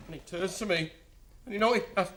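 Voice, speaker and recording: A brash know-it-all landlord. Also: male voice, high voice, fast, a bit bright. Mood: blustering. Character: brash, self-assured middle-aged pub landlord. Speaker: pub landlord. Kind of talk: sitcom acting.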